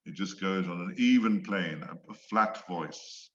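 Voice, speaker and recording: Slow, patient male English tutor. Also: deep voice, a bit bright. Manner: slow, patient, demonstrates voices. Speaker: English teacher. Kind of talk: online one-on-one lesson. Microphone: video call. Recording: echoey, dull video-call audio.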